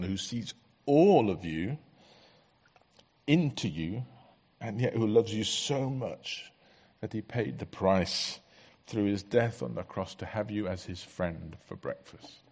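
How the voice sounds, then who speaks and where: A man delivers a sermon in a church, talking to the congregation in an earnest, conversational way. His voice sits on the low side and has a husky edge, and he often lets a phrase fall away to something softer. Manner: earnest, conversational preaching with soft dropping asides. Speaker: preacher.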